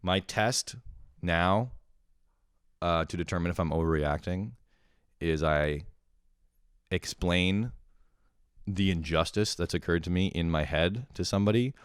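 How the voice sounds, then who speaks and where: Low-voiced man in a rambling comic monologue. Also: a little slow, long pauses, clean tone, no room sound, studio quality. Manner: loose, profane, many "like" fillers. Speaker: comedian.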